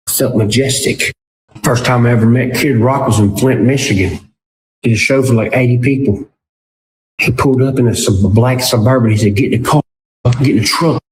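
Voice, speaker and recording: A man, a podcast guest telling casual stories and acting out what people said. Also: mid-range voice. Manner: animated, acts out other people's lines in quotes. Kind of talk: casual storytelling. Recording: roomy with clear background noise.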